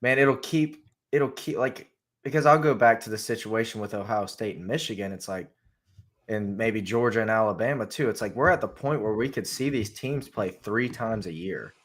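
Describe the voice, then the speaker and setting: A man's voice: fairly low pitch, normal speed, a bit bright. A young man co-hosting a casual sports show, talking in long rambling runs full of fillers and restarts. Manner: rambling, filler-heavy, laid back. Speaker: podcast co-host.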